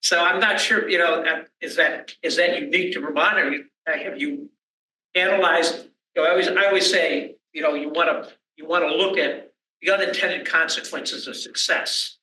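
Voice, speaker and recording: Panelist, male, bright and high-ish, halting delivery, distant echoey room. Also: steady tone, a little hiss or hum. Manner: halting, many restarts. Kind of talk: panel discussion.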